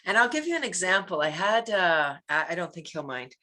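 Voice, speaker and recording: Woman, laughter yoga teacher, talkative and giggly, bright tone, video call. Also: on the low side, very animated, a little fast. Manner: chatty, laughs often, bursts into loud laughter chants. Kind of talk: casual interview chat.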